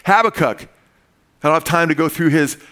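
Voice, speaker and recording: A man's voice: a little high, normal speed, a bit bright, clean tone. A male pastor preaching a sermon in a casual, folksy way, often saying "man" and telling jokes.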